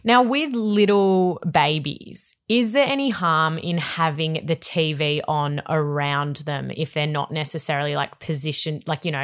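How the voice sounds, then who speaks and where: A woman in her thirties co-hosting, chatty and quick to laugh as she asks questions. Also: deep voice. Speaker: podcast co-host. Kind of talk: casual podcast chat.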